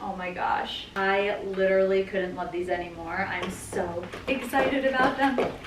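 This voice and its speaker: A young woman chatting casually to her viewers in a try-on haul video, gushing and excitable as she shows off her new things. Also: medium pitch, measured pace, distant mic, heavy background noise. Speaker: vlogger. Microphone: camera mic at a distance. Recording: roomy, camera mic away from her, music behind.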